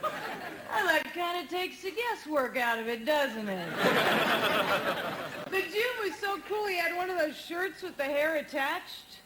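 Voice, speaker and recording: A woman performing a stand-up comedy routine on a TV studio stage, with a wry, punchy deadpan delivery. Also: extremely high pitch, measured pace. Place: TV studio stage with a live audience. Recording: noisy old 1980s TV broadcast tape.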